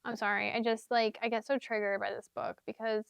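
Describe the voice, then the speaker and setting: A young woman chats through her book picks in a loose, rambling way, full of "like"s and fillers, now and then half-singing a lyric. Her voice sits a little high and sounds smooth and clear. The sound is dry and close, with no room around it. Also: flat delivery, a little fast, dry recording. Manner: chatty, rambling, many fillers and "like"s. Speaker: book vlogger. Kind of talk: casual chat.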